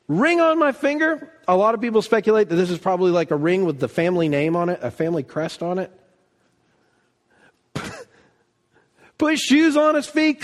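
A man preaching a sermon, telling a story with animated delivery and acting out quoted lines. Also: sits high, long reverb tail. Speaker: pastor.

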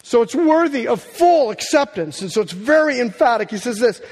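A pastor preaching a sermon, talking emphatically and swinging between hushed and loud passages. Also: male voice, very high voice, expressive, moderate pace, in a large hall.

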